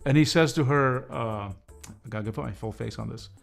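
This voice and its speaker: A man's voice: medium pitch, normal speed, creaky, soft background music. Chatty man rambling on a stream. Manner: rambling, chatty, with frequent fillers and restarts. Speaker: livestream host reviewing drawing tablets. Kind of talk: casual livestream chat with viewers.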